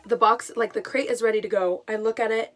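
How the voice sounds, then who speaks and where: A young woman tells a personal story to her vlog audience in a loose, chatty way. She is emotional and full of fillers. Soft music plays faintly underneath. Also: a little high, fairly even intonation, fast talker. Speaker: vlogger. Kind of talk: casual storytime.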